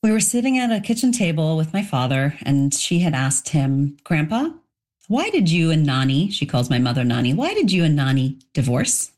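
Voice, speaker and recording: Woman author, middle-aged, low voice, reflective interview answers. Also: sing-song, normal speed, a little mellow. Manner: thoughtful, explanatory, with frequent restarts.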